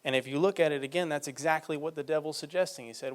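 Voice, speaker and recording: Preaching in a slightly high voice, a man reads passages of scripture and explains them in a relaxed, conversational way. For emphasis, he slows his pace and grows louder.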